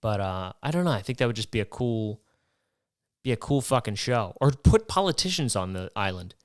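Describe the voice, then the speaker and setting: Man, young, comic monologue, profane, rambling, rhetorical, clear, dry. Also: on the low side, animated, moderate pace, no room sound. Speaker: podcast host. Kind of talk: comedic rant monologue.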